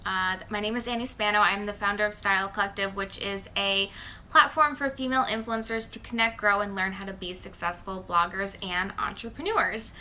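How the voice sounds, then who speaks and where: A woman's voice: medium pitch, fairly even intonation, a little fast, pushed and bright, slight background noise. A woman hosting a casual phone livestream for her followers. She speaks with a slight lisp and talks in a chatty, upbeat way with frequent "um"s. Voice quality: slight lisp from dental aligners. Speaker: host and founder of a blogger network.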